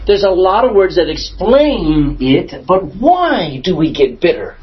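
A man leading a Bible class, his voice swinging up and down with lively emphasis as he quizzes the room. Slightly high for a man. The recording is dull and lo-fi. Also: a little slow. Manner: asks the class questions, lively emphatic delivery. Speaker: pastor teaching a Bible class. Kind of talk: conversational Bible teaching.

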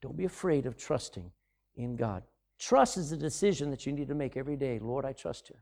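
A middle-aged man preaching a sermon as pastor, swinging from loud emphasis to sudden hushed drops. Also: mid-range voice, lively intonation, fairly quick, vocal fry.

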